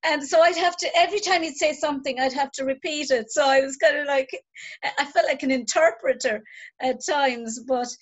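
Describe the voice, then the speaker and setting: Lady host on a video call, kinda high voice, chatty, tells little stories. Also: fairly quick. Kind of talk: casual video call interview.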